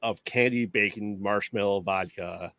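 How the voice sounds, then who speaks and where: A man co-hosting a podcast, chatting casually and explaining things in a relaxed, easygoing way. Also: lowish voice, unhurried, dry recording. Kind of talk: casual chat.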